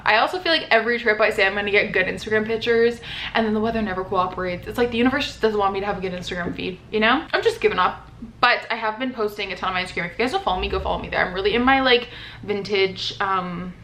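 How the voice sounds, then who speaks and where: A woman's voice: medium pitch, pushed and bright. Chatty young woman vlogging with city noise. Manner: chatty, many "like" fillers, open and personal. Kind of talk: candid vlog talk to camera. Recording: faint city noise behind.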